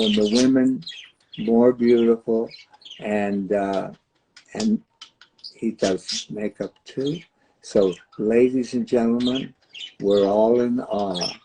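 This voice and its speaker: Slow-talking man in his nineties. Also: mid-range voice, gravelly, mellow, slight background noise, poor audio. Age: 90s. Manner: chatty, laughs often, storytelling. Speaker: host. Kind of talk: casual livestream chat.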